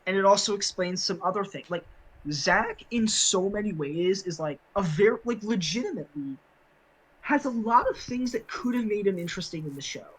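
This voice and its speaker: A man's voice: sits high, animated, normal speed, a bit bright, husky, poor audio. A man co-hosting a casual podcast chat, rambling with many fillers and restarts. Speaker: podcast co-host.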